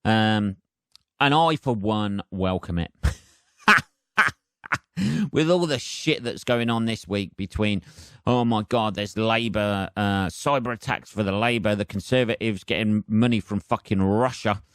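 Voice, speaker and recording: A man's voice: on the low side, a little slow, clean tone, no room sound, clean studio sound. A man hosting a solo podcast, rambling and self-mocking with lots of swearing. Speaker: podcast host.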